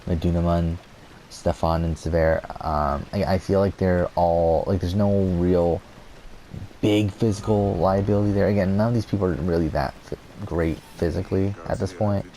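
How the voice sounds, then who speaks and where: A man's voice: sits low, steady tone, moderate pace, dark tone, a little hiss or hum. A man giving casual, rambling gameplay commentary, full of fillers and restarts, cursing when things go wrong. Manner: rambling, many fillers and restarts, swears at the game.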